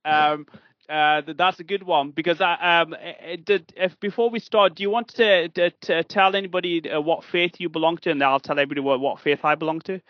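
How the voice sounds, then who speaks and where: Hesitant man hosting a podcast, slightly high voice. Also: steady tone, brisk, no room sound. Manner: hesitant, many fillers and restarts. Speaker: podcast host. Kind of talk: casual podcast chat. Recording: dull lo-fi dry sound.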